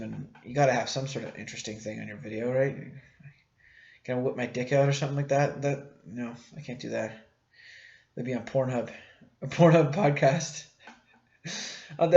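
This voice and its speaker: A man's voice: mid-range voice, gravelly, a little mellow. A young man rambling crudely and mocking himself, with many fillers, in a solo podcast monologue recorded on a camera mic in a small room at home. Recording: echoey room, dull lo-fi camera audio, faint noise.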